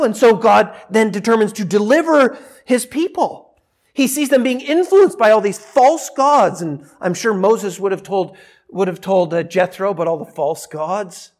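A male preacher delivering a sermon in an animated storytelling manner. His voice sits fairly high for a man, and he often repeats and restarts phrases as he builds each point. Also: moderate pace. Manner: animated storytelling, acting out quoted dialogue.

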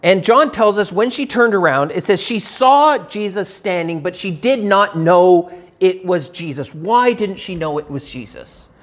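A man's voice: high-pitched, animated, measured pace. A man preaching a sermon in a conversational teaching style, posing rhetorical questions and often repeating words as he restarts his sentences.

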